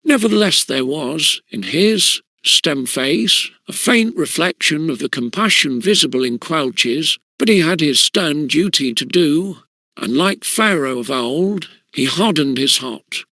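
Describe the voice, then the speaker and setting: A man narrating an audiobook in a measured storytelling manner. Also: fairly high pitch, animated, pushed and bright, no echo. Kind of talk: scripted narration.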